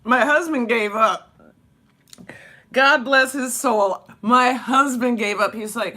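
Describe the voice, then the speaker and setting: A woman's voice: fairly high pitch, slow pace, sharp tone. A woman vlogging casually over breakfast at home, chatty and rambling, laughing often. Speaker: vlogger and dance teacher.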